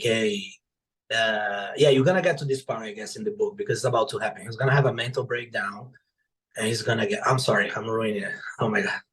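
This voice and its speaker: A young adult man, a podcast guest and author, telling casual stories with plenty of swearing and acted-out dialogue. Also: fairly low pitch. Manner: animated, profane, acts out quoted dialogue. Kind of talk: casual storytelling in conversation.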